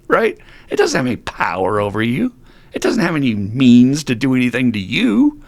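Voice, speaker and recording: A middle-aged man talking casually on a recovery podcast, blunt, animated and laughing often as he swears freely. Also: mid-range voice, a little slow, gravelly. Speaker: podcast host.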